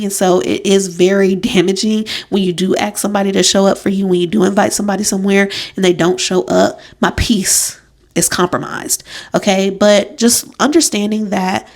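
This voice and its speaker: A woman's voice: mid-range voice, a little mellow. A young woman hosting a casual solo podcast from a room in her home, chatty and emphatic, laughing at herself. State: pregnant. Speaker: podcast host.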